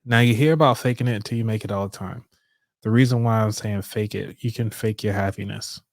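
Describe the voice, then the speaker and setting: A man's voice: lowish voice, brisk, vocal fry, no room sound, studio quality. A man hosting a live show, talking casually and upbeat, breaking into laughter often. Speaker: show host. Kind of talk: casual live-stream talk.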